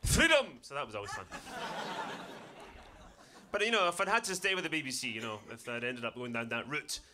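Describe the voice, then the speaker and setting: A man's voice: mid-range voice, expressive, fairly quick. A Scottish man with a Glaswegian accent doing a profane stand-up set with dry punchlines in a comedy club. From Scotland. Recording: noisy live comedy club. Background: audience laughter.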